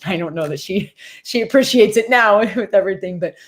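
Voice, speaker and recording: A woman's voice: mid-range voice, a little fast. Fifty-ish woman rambling thru a personal story, lots of "you know"s, laughs a lot, chatty. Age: 50s. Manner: rambling and animated, with frequent fillers and laughs. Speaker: horse-based coach and community host.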